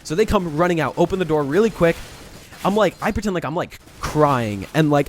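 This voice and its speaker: Fast-talking young man telling a story. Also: on the high side. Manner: animated, rambling retelling with restarts. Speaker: vlogger. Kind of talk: storytime vlog.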